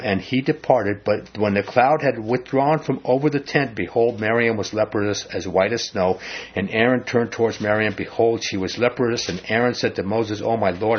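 Heard through a muffled recording, the man has a medium-pitched, slightly rough voice as he teaches a relaxed Bible study. He acts out the passages he quotes, staying animated and chatty throughout.

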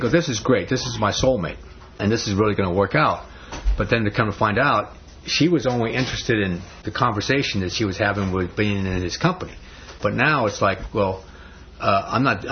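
Guy preaching to a crowd, lowish voice, chatty and repetitive, dull muffled sound. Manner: conversational, repeats himself for emphasis. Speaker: speaker on marriage. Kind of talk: folksy sermon to a live audience. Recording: dull muffled recording, faint hiss.

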